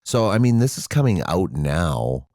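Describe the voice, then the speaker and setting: A man's voice: low voice, sing-song, unhurried, mellow, no room sound, studio quality. A man co-hosting a podcast, talking casually in a rambling way with frequent swearing and fillers. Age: adult with children. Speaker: podcast co-host. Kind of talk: casual conversation.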